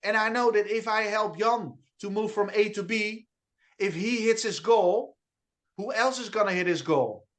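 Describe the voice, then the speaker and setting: A man's voice: sits high, moderate pace, a bit bright. A man with a Dutch accent, whose first language is Dutch, giving an enthusiastic network marketing training on a video call, repeating key phrases and stumbling over restarts. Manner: enthusiastic, repetitive, with restarts and stutters. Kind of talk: energetic online training talk.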